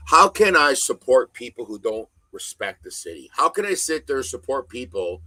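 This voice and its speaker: A middle-aged man talking as a podcast guest, ranting bluntly with heavy profanity and loud emphasis. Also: medium pitch, sing-song, moderate pace, no room sound, poor audio. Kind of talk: casual podcast conversation.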